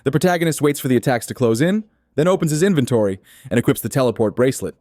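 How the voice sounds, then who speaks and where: A man retelling a comic story in steady, scripted third-person narration. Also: mid-range voice, rapid-fire, no room sound, clean studio sound. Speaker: recap narrator.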